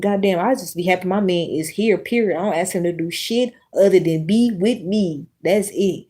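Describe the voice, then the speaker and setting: A woman's voice: on the low side, warm tone. A woman in her thirties ranting bluntly on a livestream, profane and preachy, talking straight to her viewers. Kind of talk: casual livestream rant.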